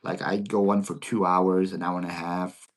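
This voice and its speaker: In a casual livestream Q&A for sellers, a slightly low-voiced man with a Philadelphia accent often repeats words and starts over. He was born in Ukraine and grew up in Philadelphia.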